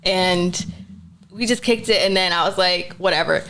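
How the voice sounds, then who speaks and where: A young actress telling a story in a casual interview, animated and laughing, acting out what others said. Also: female voice, on the low side, unhurried. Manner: animated, laughing storyteller who acts out quotes. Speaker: actress guest.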